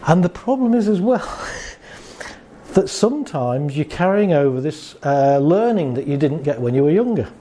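A man's voice: on the high side, big pitch swings, moderate pace, warm tone, a little hiss or hum. A man giving a chatty talk on anxiety to an audience, acting out little scenes and laughing along. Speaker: speaker on anxiety and relationships.

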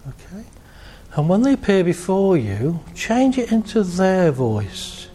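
Man therapist, fairly high voice, mellow tone, calm coaching, light laughs. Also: slow, breathy edge. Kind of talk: guiding a group through a visualization exercise.

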